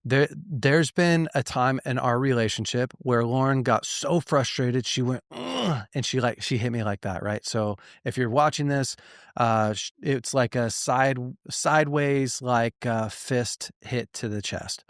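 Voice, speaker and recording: A pastor in his thirties or forties speaks earnestly to his listeners at a mid-range pitch, posing rhetorical questions and restarting his sentences as he drives his points home. His voice can catch and sound choked. It is recorded close and dry, with no room sound. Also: a little slow, no echo. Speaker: pastor and podcast host. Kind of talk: direct-to-listener podcast teaching.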